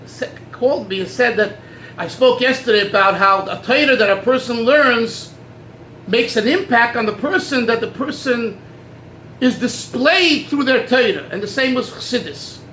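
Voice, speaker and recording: A man's voice: extremely high pitch, sharp tone, slight background noise. A man, a rabbi, giving an informal talk to a group, conversational, with many restarts and asides. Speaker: rabbi teaching a class. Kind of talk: informal lecture at a gathering. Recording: echoey room with faint ambience.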